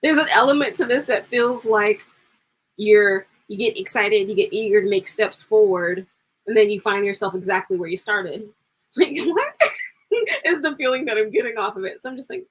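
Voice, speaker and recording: A woman's voice: mid-range voice, expressive, moderate pace, breathy edge, rough recording. Giggly, rambling woman tarot reader. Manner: chatty, giggly, rambling, calls viewers pet names. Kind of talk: live-streamed psychic reading.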